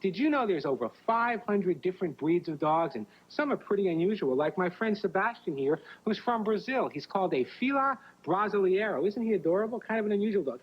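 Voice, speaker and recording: A man introduces animals to children on a TV show, talking in a friendly, easygoing way. His voice is a little husky. The sound is muffled, like a late-1980s broadcast. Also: sits high. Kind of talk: presenting to kids.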